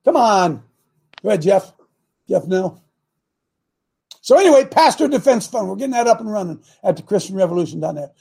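A man's voice: high-pitched, expressive, brisk, gravelly, pauses often, warm tone, breathy edge. A middle-aged man hosting a call-in talk show, preaching and scolding his listeners in a combative way.

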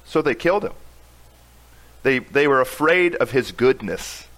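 A man's voice: mid-range voice, lively intonation, unhurried, fairly bright tone, low-quality recording. A man chiming in on a talk show, earnest and repeating his point.

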